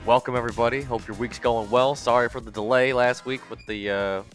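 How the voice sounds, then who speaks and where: A man's voice: medium pitch, fairly even intonation, fairly quick, soft background music. A man hosting a casual podcast, rambling and breaking off mid-sentence, laughing at himself. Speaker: podcast host.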